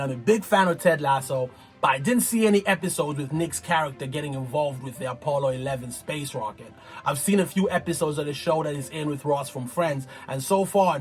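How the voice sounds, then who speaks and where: A man talking casually and animatedly in slangy commentary, recapping a TV show. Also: a little high. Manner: animated, slangy, acts out others. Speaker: TV recap vlogger.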